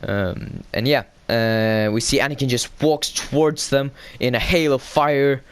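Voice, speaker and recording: A man casually recapping a show episode. He hesitates a lot, fills pauses with "uh" and "um", corrects himself, and gets excitable as he retells the scenes. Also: mid-range voice, clear, resonant tone. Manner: hesitant, heavy fillers and self-corrections.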